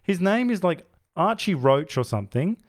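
A man's voice: sits high, very animated, normal speed. A man co-hosting a film podcast, rambling casually with frequent restarts and laughs. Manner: rambling, self-interrupting, laughs often. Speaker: podcast co-host. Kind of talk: casual film review chat.

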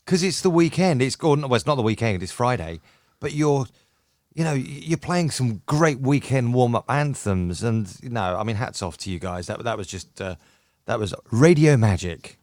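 A man's voice: mid-range voice, lively intonation, normal speed, darkish tone, no echo, clean studio sound. A middle-aged man from the United Kingdom, a radio presenter chatting enthusiastically as a podcast guest and telling stories with many restarts. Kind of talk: casual chat.

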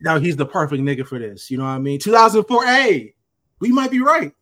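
A man hosting a casual podcast, retelling scenes and acting out the characters' lines in an animated way. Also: fairly high pitch, a little fast. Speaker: podcast host recapping a TV episode. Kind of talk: casual chat.

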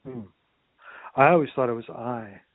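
A man's voice: medium pitch, moderate pace, no room sound. A man co-hosting a podcast, chatting casually about a rock album, easygoing and chuckling often, trailing off with fillers. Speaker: podcast co-host. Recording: dry, thin phone-like sound.

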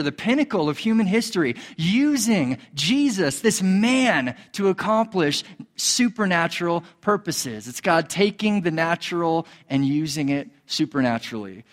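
A man preaching a sermon as a pastor, animated, acting out quoted voices. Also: big-room sound. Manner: animated, acts out quoted voices in a higher pitch.

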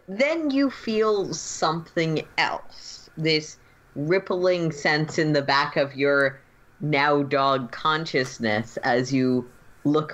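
A woman running a tabletop game as game master, narrating scenes in an unhurried way with fillers. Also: deep voice, fairly bright tone. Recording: dull lo-fi audio.

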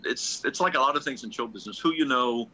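A man, a ventriloquist guest, telling anecdotes in a casual, animated way, often restarting his sentences. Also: mid-range voice, fast, low-quality recording. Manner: animated storyteller, restarts often, acts out quotes.

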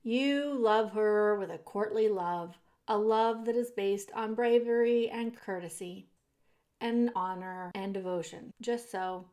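Voice a polite male mouse executioner in a storybook, as a woman reading aloud puts him on. He is courteous and solemn and speaks in a hushed murmur. He sounds unhurried and almost apologetic as he goes about his duty. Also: mid-range voice, lightly acted. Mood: gentle, solemn.

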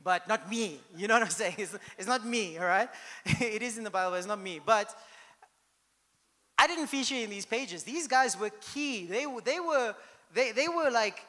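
A man's voice: high voice, expressive, normal speed, sharp tone, big-room sound. A man preaching a sermon as pastor, in a conversational style that keeps checking in with the congregation.

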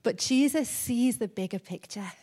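A woman delivers a sermon in a relaxed, conversational way and laughs easily along the way. Her voice sits a little higher than usual, and she often slips into acting out the people she quotes. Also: moderate pace. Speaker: preacher.

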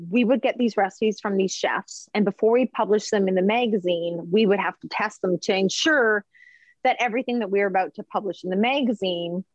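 A woman's voice: medium pitch, dry recording, rough recording. Chatty woman telling kitchen stories. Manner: chatty and animated, lots of "like" and "um", laughs while telling stories. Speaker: chef and food journalist, podcast guest. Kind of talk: casual storytelling chat.

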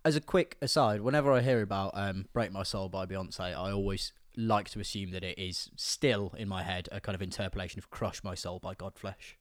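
A man's voice: low-pitched, brisk, few pauses. A man co-hosting a podcast in casual chat, making wry asides. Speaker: podcast co-host.

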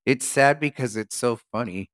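A man's voice: medium pitch, no room sound, clean studio sound. A man from Maine co-hosting a podcast in casual, profane banter, laughing often. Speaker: podcast co-host. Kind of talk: casual chat.

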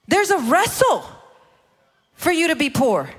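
A woman in her thirties preaching a sermon, animated and playful, acting out the voices of the people she quotes. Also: very high-pitched, unhurried. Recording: long hall reverb.

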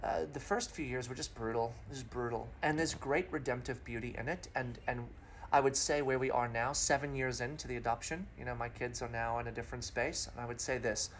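A man's voice: mid-range voice, steady tone, fairly quick, a little hiss or hum. A middle-aged man, a pastor, telling a long personal story in a podcast interview through vivid extended metaphors.

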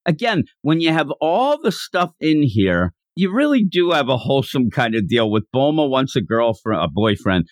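Man, podcast co-host, casual chat, animated character quotes, mid pitch, dry close mic. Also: dry recording. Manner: animated, acts out characters' lines while recapping. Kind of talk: casual chat recapping a comic.

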